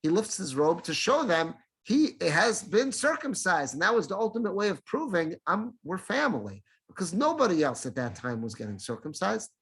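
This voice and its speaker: A middle-aged rabbi teaching a Torah class, reading Hebrew verses and explaining them in casual English, acting out the lines of the people in the story. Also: male voice, high-pitched, big pitch swings, moderate pace, few pauses, fairly bright tone, slightly rough.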